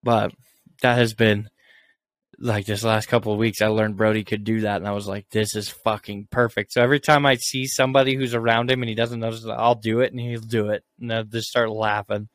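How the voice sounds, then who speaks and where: A man's voice: on the low side, level tone, brisk, no room sound. A man co-hosting a podcast in casual, crude banter, cursing freely, rambling and laughing at his own stories. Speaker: podcast co-host.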